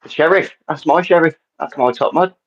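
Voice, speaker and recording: A man's voice: on the high side, brisk, dull audio, a little hiss or hum. A man chatting playfully and teasing his co-host during a casual stream. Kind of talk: casual banter.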